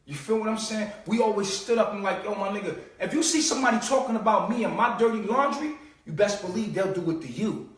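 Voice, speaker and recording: A man with a high voice talks in a loose, streetwise live-stream rant, full of swearing and mockery. He drops to low mutters, then bursts out loud. He sounds far from the mic, in a room with a lot of echo. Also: expressive, fast talker. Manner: streetwise, profane, mocking, swings between low mutters and loud outbursts. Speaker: host. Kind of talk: casual live-stream monologue.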